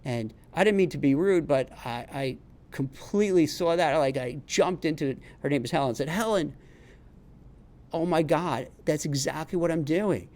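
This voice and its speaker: A chatty middle-aged recruiter with a New York accent and a slightly high voice gives career advice in a homemade vlog. Talking straight to camera in a casual monologue, he rambles freely and restarts sentences.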